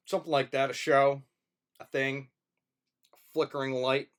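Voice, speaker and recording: A man's voice: medium pitch, lively intonation, a little slow, long pauses, clear, resonant tone. A man, a film teacher, chatting playfully and rambling through a casual livestream to his students.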